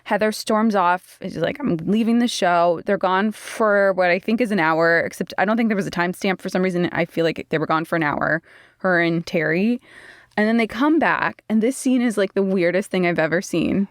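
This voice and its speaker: A woman's voice: on the low side, a little fast, no room sound. Chatty woman podcast co-host, dry sound. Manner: chatty, explains step by step. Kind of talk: casual chat and legal explainer.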